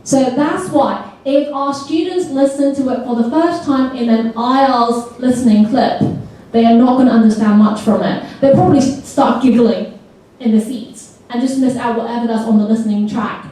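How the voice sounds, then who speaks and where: A woman with a high, mellow voice leads a seminar for teachers. She talks in a lively way, throws questions at her listeners and mimics accents as she goes. Her voice comes from far off in a big school hall with heavy echo. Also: normal speed. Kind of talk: interactive teaching talk.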